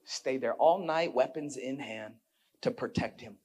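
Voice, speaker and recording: A male pastor preaching a sermon. He swings from hushed storytelling to shouted preaching and puts rhetorical questions straight to the congregation. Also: mid-range voice, a little slow, breathy edge.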